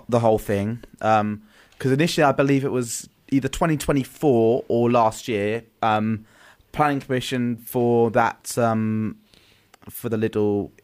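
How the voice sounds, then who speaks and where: A man hosting a casual chat, rambling through stories with lots of restarts and ums. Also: mid-range voice. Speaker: podcast host.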